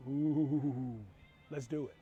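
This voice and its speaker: A man's voice: medium pitch, steady tone, drawn-out words, husky, highs cut off. A man hosting a cooking show, chatting casually and enthusiastically as he tastes his food. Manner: warm, enthusiastic, savoring food aloud.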